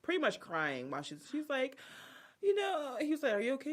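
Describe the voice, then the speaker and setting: A woman's voice: high voice, wildly swooping pitch, a little fast. A woman co-hosting a casual gossip chat, telling a story and acting out what people said. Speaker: podcast co-host.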